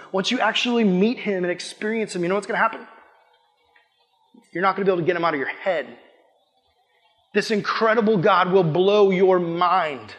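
A young male pastor with a high, bright-pitched voice preaches with passion and a casual, conversational way of talking. He drops into quoted asides as he speaks. His voice rings with the long reverb of a large hall. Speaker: youth pastor. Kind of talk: sermon.

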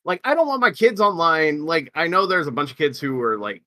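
A man's voice: on the high side, animated, fairly quick, sharp tone, no echo. A man co-hosting a casual podcast, ranting about gaming with lots of swearing and filler "like"s. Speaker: podcast co-host.

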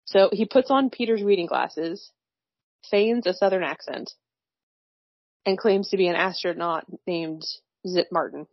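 A woman's voice: fairly low pitch, unhurried, no echo, muffled recording. A woman co-hosting a casual chat, recapping a film plot in a wry, slangy way and laughing often. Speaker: podcast co-host recapping a film.

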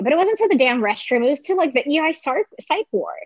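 A young woman telling a personal story in casual conversation, talking fast and filling her speech with "like". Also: high-pitched, sing-song, no room sound. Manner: chatty, heavy use of "like", quick quoted asides. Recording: slightly dull close dry recording.

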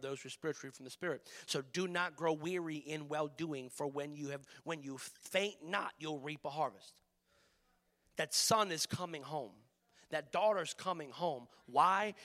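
High, bright-voiced male pastor preaching. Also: a little slow. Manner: passionate preaching, swinging between loud and hushed. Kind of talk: sermon.

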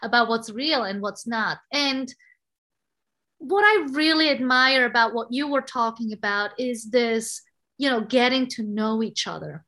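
A woman in her forties in casual conversation, an expressive and animated storyteller. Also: fairly high pitch, a little slow. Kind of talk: casual conversation about relationships.

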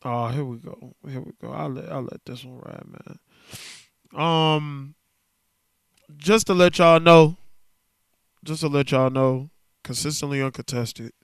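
Man, solo podcast host, casual slangy talk, emotionally worn, smooth clear voice, dry close sound. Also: medium pitch, steady tone, a little slow, no echo. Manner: candid, loose and conversational, slangy.

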